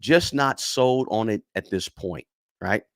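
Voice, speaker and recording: A man's voice: fairly low pitch, unhurried, no room sound, studio quality. A man hosting a finance livestream, talking casually, reading the chat and often checking in with "right?". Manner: conversational, tags lines with "right?", many restarts. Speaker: finance channel host.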